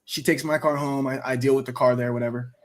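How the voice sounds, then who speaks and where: A man's voice: mid-range voice, fairly even intonation, fast. A man in his thirties hosting a live stream, chatting casually and swearing a lot, calling everyone bro and dude. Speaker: host.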